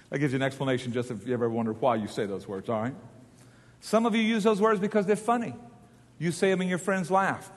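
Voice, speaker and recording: A man's voice: high-pitched, a bit bright. A man preaching a sermon in a folksy, joking way, getting the congregation to repeat lines. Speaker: pastor. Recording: long hall reverb.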